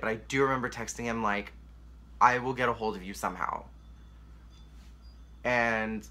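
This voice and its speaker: A man's voice: medium pitch, bright, forceful tone. A young man candidly telling a painful personal story to the camera, emotional and rambling, with lots of "like.". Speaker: vlogger.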